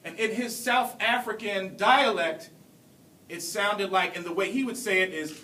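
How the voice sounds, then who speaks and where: A man in his forties from Brooklyn giving an earnest motivational keynote speech, telling stories with deliberate pauses. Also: pushed and bright. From Brooklyn, New York. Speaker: keynote speaker. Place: large hall at a ceremony. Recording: echoey hall, distant mic, faint rumble.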